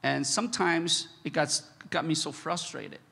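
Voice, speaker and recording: A pastor preaches a sermon in a large church hall, telling a personal story with laughter and swinging between loud shouts and hushed, quiet moments. His voice is fairly high, husky, and touched with vocal fry, at a moderate pace, with a big-room sound.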